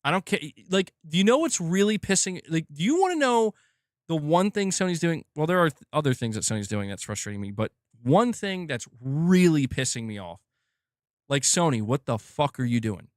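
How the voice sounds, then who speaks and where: Man, gaming stream host, casual profane rant, slightly high voice, dry close mic. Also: very animated, moderate pace, no room sound. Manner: exasperated, profane, rambling.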